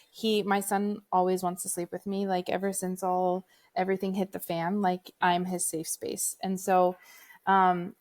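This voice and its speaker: A woman's voice: lowish voice, darkish tone. A woman hosting a casual conversation, supportive and open as she shares her own story. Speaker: host.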